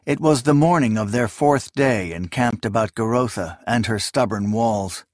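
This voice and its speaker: A man reading a fantasy novel aloud as narrator, in a measured, steady storytelling delivery. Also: medium pitch, dry recording, clean studio sound. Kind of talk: scripted audiobook narration.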